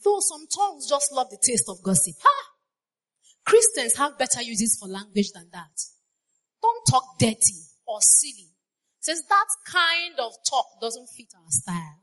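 Her voice is high, bright and forceful, with an unhurried, sing-song flow. Preaching to the congregation, she repeats phrases and asks them questions, call-and-response style.

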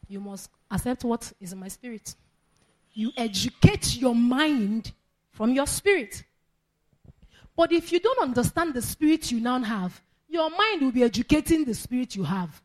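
A woman preaching. Her voice sits a little high, and she leans hard on repeated phrases with a lively, insistent delivery. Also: moderate pace. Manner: emphatic, repeats phrases, laughs between points. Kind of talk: sermon.

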